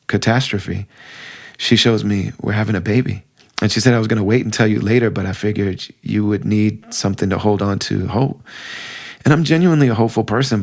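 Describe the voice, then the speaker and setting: Man, middle-aged, low voice, gravelly, casual storytelling, heartfelt. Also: a little mellow. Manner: heartfelt, conversational, many fillers. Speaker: podcast guest telling a story.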